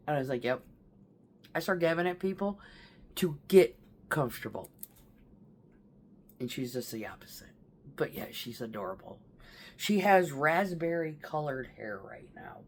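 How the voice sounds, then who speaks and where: A woman's voice: sits low, animated, normal speed, pauses often, breathy edge. A woman talking casually to camera about her stepfather's last days, rambling and emotional, with casual swearing. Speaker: vlogger. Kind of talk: casual personal storytelling.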